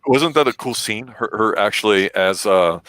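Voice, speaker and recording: A man with a deep, low voice talks through a TV episode review in a steady, considered manner. The sound is dry and close, with no room around it. He speaks as a podcast co-host in casual chat. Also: normal speed, no echo.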